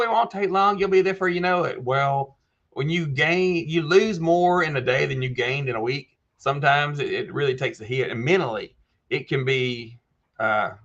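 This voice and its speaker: A man's voice: mid-range voice, a bit bright, highs cut off. A man hosting a casual live chat. He reads viewer comments aloud and answers them by name in a folksy way. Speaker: livestream host answering viewer questions.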